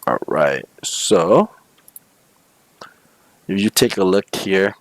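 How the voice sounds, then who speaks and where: A man's voice: deep voice, sing-song, extremely slow, no room sound. A male physics teacher talking through homework problems step by step, often checking in with "okay?" and "right?". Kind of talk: homework walkthrough lesson.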